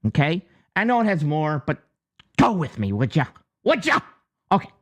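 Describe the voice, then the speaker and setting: A man's voice: fairly high pitch, sing-song, moderate pace. A man from the United States hosting his channel, casually explaining something with on-screen drawings, joking and checking in with "okay?" as he goes. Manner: joking, chatty, lots of restarts and "okay?" check-ins. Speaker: channel host.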